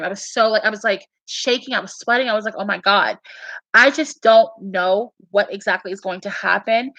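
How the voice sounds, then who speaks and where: A woman's voice: a little high, a bit bright, no echo, low-quality recording. A woman talking earnestly and emphatically, repeating herself and restarting her sentences as she shares her beliefs and dreams. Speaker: fan sharing beliefs and dreams. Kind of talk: casual earnest talk.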